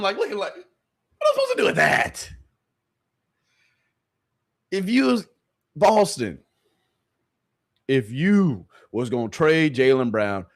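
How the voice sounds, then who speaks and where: Heated man ranting about sports. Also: medium pitch. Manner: heated, repetitive, talks straight to the audience with slang. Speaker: host. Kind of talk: animated sports commentary to a stream chat.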